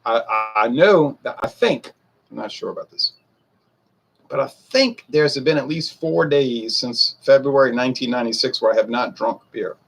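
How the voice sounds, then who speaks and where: Man, forties, gravelly, husky, rambling, defensive, talking to viewers. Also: mid-range voice, lively intonation, moderate pace. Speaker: whiskey reviewer. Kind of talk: casual talk to camera.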